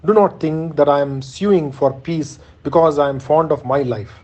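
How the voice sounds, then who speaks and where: An old, grieving warrior-teacher, read by a man in an audiobook of an epic, imploring his king with earnest urgency. The voice sits slightly high and mellow, heard through a dull, lo-fi recording. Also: moderate pace, natural voice. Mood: pleading.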